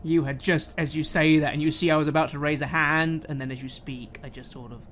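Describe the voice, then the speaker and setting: A player in a tabletop horror game who speaks hesitantly and softly, stammering over words. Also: mid-range voice, steady tone, a little fast, a little hiss or hum. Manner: hesitant, stammering, soft-spoken. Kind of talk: playing a character in a tabletop game.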